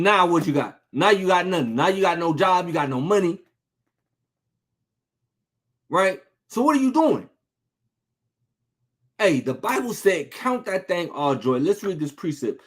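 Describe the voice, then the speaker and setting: Speaking a little high, a man gives a casual, chatty sermon. Rhetorical questions and repetition for emphasis run through his delivery.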